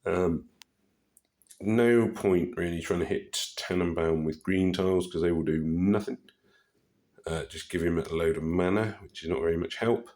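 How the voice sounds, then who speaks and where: A man giving casual commentary over his own puzzle game, relaxed and muttering to himself with frequent pauses and fillers. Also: deep voice. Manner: relaxed, muttering asides with many ums. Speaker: gaming channel host.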